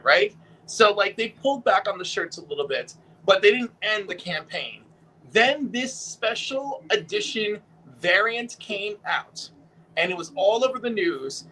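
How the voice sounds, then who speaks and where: Male host, high bright voice, animated, cheeky comic-book talk. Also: slight background noise, poor audio. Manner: animated, profane, joking storyteller. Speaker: host showing comic books. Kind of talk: casual chat. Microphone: video call.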